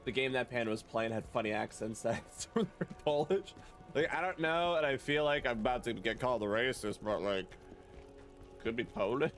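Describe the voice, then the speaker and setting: A man's voice: medium pitch, normal speed, soft background music. A man streaming a video game, chatting casually and joking with his viewers as he plays. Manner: animated, joking, chatting with viewers while playing. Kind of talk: casual gaming livestream chat.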